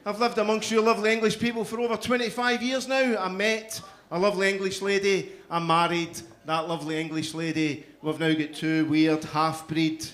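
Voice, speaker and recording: A middle-aged man with a Glaswegian accent, performing a stand-up comedy set on a club stage, with loud, punchy crowd work. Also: sits high. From Scotland. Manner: loud, punchy crowd work with frequent "you know what I mean".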